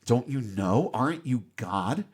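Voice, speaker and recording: A man playing a no-nonsense starship captain who questions a god. The delivery is quiet, a bit higher than his own voice, and blunt. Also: lively intonation, a little slow, slightly rough. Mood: skeptical. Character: skeptical male starship captain, matter-of-fact.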